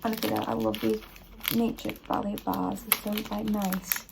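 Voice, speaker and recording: A woman's voice: mid-range voice, fairly even intonation, moderate pace, creaky. A teenage girl chatting casually in a study-with-me vlog from her bedroom, rambling with lots of fillers. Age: teens. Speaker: vlogger. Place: bedroom at home. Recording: noisy home video recording.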